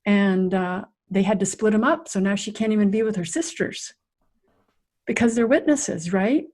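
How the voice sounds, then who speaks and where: Middle-aged woman guest on a podcast, animated storyteller, acts stuff out, mid pitch. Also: normal speed. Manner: vivid, animated storyteller who acts out scenes. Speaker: guest, resilience coach. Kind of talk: personal storytelling in a podcast interview.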